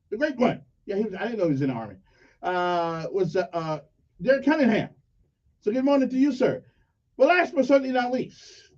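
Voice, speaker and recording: Rambling radio host. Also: male voice, sits high, darkish tone, recorded from a distance. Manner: folksy, rambling, emphatic. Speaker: radio talk show host. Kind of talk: morning call-in radio talk. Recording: dull lo-fi radio sound, a bit off-mic.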